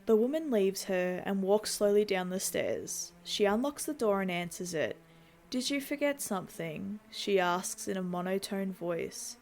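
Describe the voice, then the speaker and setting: Woman narrating a film recap with wry asides. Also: mid-range voice. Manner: wry asides between plain plot retelling. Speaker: horror channel host.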